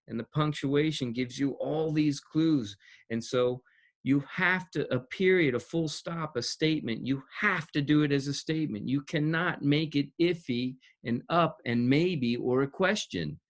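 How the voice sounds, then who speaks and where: In an interview, an actor coach and director explains how he teaches, emphasizing ideas, repeating important words, and laughing between points. His voice is mid-range.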